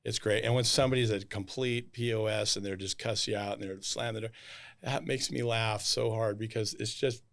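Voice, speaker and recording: Male podcast host, casual and animated, jumps into voices when quoting people. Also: fairly low pitch, moderate pace, creaky. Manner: animated storyteller acting out quotes. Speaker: roofing salesman, podcast host.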